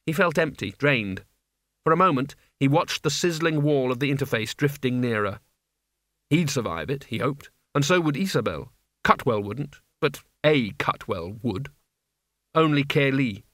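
The clip is clean studio sound, dry and uncolored, of a man narrating a fantasy audiobook. His mid-range voice gives a measured, expressive reading of the script.

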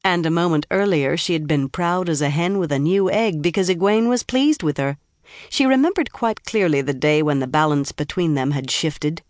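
Low-voiced woman reading an audiobook. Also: a little mellow, no echo, clean studio sound. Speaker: audiobook narrator. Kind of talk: scripted fantasy narration.

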